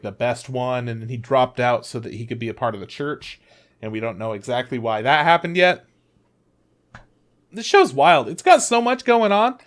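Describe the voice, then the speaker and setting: A man co-hosting a podcast, casually retelling anime plots with lots of swearing and filler words. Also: mid-range voice. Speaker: podcast co-host. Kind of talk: casual chat about anime.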